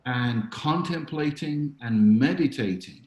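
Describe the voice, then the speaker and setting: A man's voice: mid-range voice, expressive, slow, darkish tone, echoey room, poor audio. A man, a chaplain being interviewed, speaking reflectively and telling stories with frequent fillers. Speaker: chaplain and author, podcast guest. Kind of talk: conversational storytelling interview.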